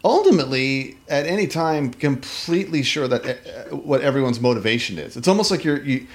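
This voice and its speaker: Rambling, animated man chatting about films. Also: medium pitch, brisk. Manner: animated, rambling, many restarts and fillers, acts out quotes. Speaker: podcast co-host. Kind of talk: casual film discussion.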